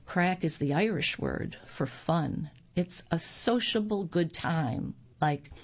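Slow, husky-voiced woman telling a story. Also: on the low side, darkish tone, highs cut off. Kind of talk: personal storytelling narration.

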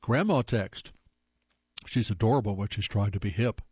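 A man's voice: fairly low pitch, normal speed, pauses often, darkish tone, slightly rough, no room sound, highs cut off. A man giving scripted comedic narration with a wry, playful delivery.

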